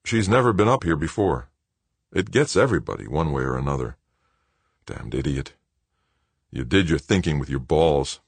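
A plainspoken company CEO with a dry, self-mocking streak, read by a man in a very deep voice close to his own. The audiobook delivery is steady and unforced, and the sound is dry and close. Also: moderate pace, vocal fry, long pauses, breathy edge, no room sound, heavily acted. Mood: wry. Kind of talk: audiobook character voice.

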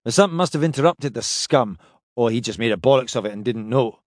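A man's voice: medium pitch, lively intonation, quick pace, no room sound, clean studio sound, natural voice. A man voicing a grim, terse starship chief.

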